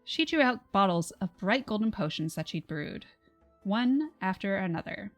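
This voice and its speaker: A woman's voice: mid-range voice, lively intonation, soft background music. Woman reading her novel aloud. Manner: soft, measured narration, laughs between passages. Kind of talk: livestream story reading.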